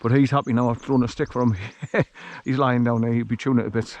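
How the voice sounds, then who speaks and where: Strolling a countryside track with his dog, a vlogger chats casually in medium pitch, rambling and chuckling often. He talks fast with fairly even intonation and a slightly mellow sound, captured outdoors on an action camera he carries as he walks.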